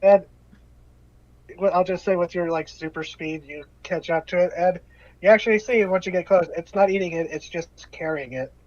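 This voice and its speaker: A man's voice: high-pitched, moderate pace, darkish tone, dry recording, highs cut off. A man narrating a tabletop game as game master, rambling and hesitant, with many fillers.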